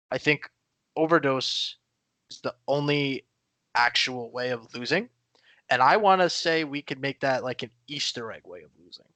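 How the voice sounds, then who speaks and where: A man's voice: medium pitch, bright, forceful tone, no echo. A man co-hosting a podcast in casual chat, rambling with many fillers and restarts. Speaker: podcast co-host.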